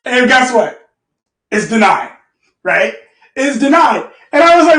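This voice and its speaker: A man hosting a casual storytelling session for his community. He is animated, laughs often, swears, and keeps checking in with "okay?". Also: very high-pitched, unhurried, reverberant, distant mic. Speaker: host.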